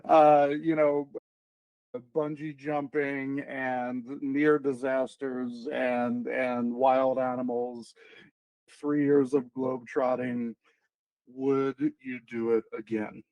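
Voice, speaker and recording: A man's voice: mid-range voice, little pitch movement, slow, no echo, highs cut off. A man hosting a podcast interview, reacting briefly and wrapping up in an upbeat manner. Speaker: podcast host.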